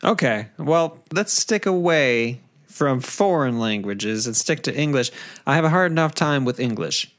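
A man's voice: medium pitch, animated, unhurried, hardly any pauses, fairly bright tone. Male podcast co-host, mid-range voice, laid-back banter.

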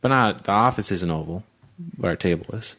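A man's voice: low voice, animated, a little fast, a bit bright. Laughing, joking man on a podcast. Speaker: podcast guest. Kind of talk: casual podcast banter.

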